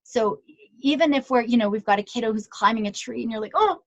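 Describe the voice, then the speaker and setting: A woman's voice: fairly high pitch, fast talker, no echo, dull audio. A woman psychologist giving a conversational talk to parents, often checking in with "right?" and telling stories about her own kids. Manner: conversational, tag questions and personal anecdotes. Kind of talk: presentation to parents.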